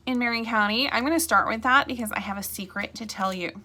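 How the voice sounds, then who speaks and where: A woman's voice: fairly high pitch, quick pace, bright, forceful tone. A woman real estate agent talking casually to camera, chatty and rambling, with frequent asides.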